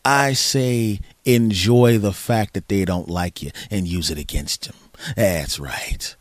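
A man's voice: fairly low pitch, takes it slowly, no room sound. Ranting middle-aged man on a dry mic. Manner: ranting, animated, shifts into mock voices. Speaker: podcast host. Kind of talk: comedic solo monologue.

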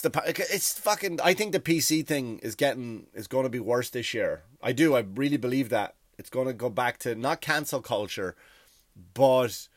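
A man in his forties hosts a comedy podcast, telling stories in a loose, rambling way. He swears often and makes fun of himself. His mid-pitched voice sounds close and dry, with no room around it. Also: fairly bright tone, no echo. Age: 40s. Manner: rambling, profane, self-deprecating storytelling. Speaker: podcast host. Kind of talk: comedic monologue.

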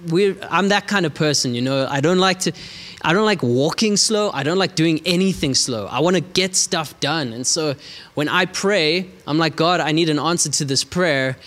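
A male preacher giving a sermon, emphatic and asking rhetorical questions, drawing words out slowly for emphasis. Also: a little high, fairly bright tone, in a large hall.

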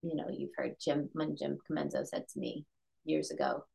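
A woman's voice: low-pitched, sing-song, normal speed, vocal fry, warm tone. A woman co-hosting a podcast in casual chat, talking in a meandering way, full of fillers. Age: adult. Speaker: podcast co-host.

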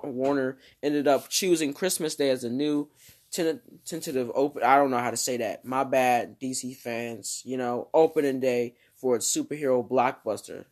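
A man chatting through movie news with a bouncy, animated voice that swings up and down. He rambles casually and keeps cutting in with jokey asides to himself. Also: mid-range voice.

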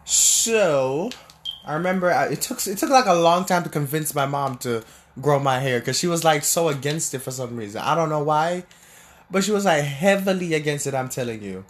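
A man's voice: a little high, lively intonation, moderate pace. A young man from Jamaica in casual, rambling storytelling, full of restarts and fillers. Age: young adult.

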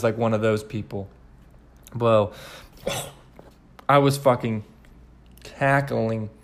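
A man hosting a podcast in casual chat, rambling with lots of fillers and swearing. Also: medium pitch. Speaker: podcast host.

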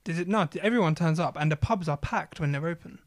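A young man, co-hosting a podcast in excitable, playful, teasing banter. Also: on the high side, fast talker. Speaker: podcast co-host. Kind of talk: casual group banter.

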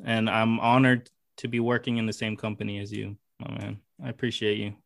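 A man's voice: on the low side, completely flat delivery, fairly quick, gravelly, a bit bright, dry recording, clean studio sound. A man co-hosting a podcast interview, talking in an emphatic, heartfelt way and repeating phrases for emphasis. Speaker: podcast co-host. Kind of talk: casual interview chat.

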